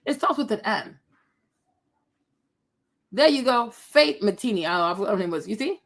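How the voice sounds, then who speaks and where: A woman's voice: mid-range voice, expressive, moderate pace. A woman giving casual reaction commentary on online videos, blunt and mocking, often laughing as she talks.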